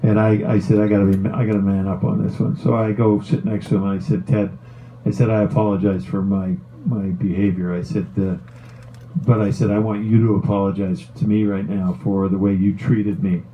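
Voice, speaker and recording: A middle-aged man, a former hockey player, tells a long story in a casual, animated way, swearing and laughing as he goes. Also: lowish voice, a little fast, highs cut off. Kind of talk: casual storytelling on a talk show.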